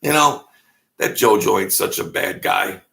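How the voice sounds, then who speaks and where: A man's voice: low voice, animated, a little slow, gravelly, sharp tone, full character voice. A man putting on an English accent to play a friendly older English rock star who keeps calling people mate. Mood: chummy. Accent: put-on English. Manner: chummy, coaxing, calls everyone mate.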